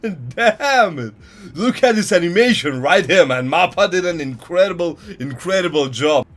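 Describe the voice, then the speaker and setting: A man hosting an anime reaction video, commenting live in an excitable way and tossing in "yo" and "man" a lot. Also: on the high side, normal speed. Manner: excitable, repeats "yo" and "man", bursts into laughs and shouts. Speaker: anime reaction channel host.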